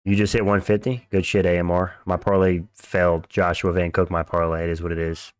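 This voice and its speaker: Deep and flat, fairly quick with a clean tone, this livestream host's voice carries casual, slang-filled commentary as he watches fights live and thanks donors. There's no room sound.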